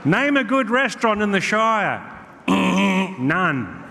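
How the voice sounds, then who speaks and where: A man's voice: high voice, big pitch swings, takes it slowly, bright, forceful tone. A man with an Australian accent doing brash, punchy stand-up comedy and working a live crowd in a large club hall. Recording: live hall with long reverb, faint crowd noise.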